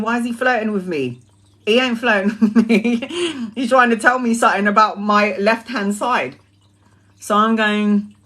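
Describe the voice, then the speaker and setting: A woman's voice: mid-range voice, bright, forceful tone. A woman in her thirties telling a casual story and ranting about drivers, swearing freely and laughing often. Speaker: tarot livestream host.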